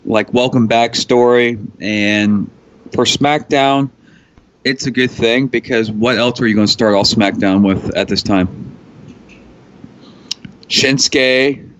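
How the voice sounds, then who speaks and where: A man co-hosting a casual wrestling talk show, halting often with ums and restarts. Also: medium pitch, fairly even intonation. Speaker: podcast co-host.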